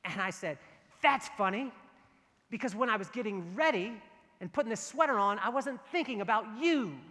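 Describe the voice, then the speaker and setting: High, bright-voiced man speaking on stage. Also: moderate pace. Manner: animated, jokey storytelling with acted-out dialogue. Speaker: keynote speaker. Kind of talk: motivational keynote storytelling. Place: large hall before a big audience. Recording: long hall reverb.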